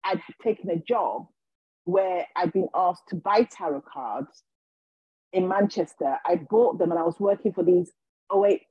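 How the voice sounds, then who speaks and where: A woman, a guest on a podcast, telling her personal story in an animated way and acting out what people said to her. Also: fairly low pitch, measured pace, slightly rough, no room sound, highs cut off. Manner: animated, acts out quoted dialogue. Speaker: guest, healer and intuitive.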